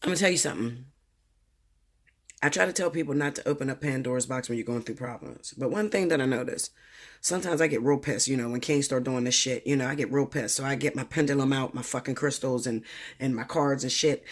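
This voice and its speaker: A woman's voice: extremely low pitch, a little fast. Blunt, profane woman tarot reader. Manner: blunt, profane, animated storytelling. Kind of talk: casual tarot reading monologue.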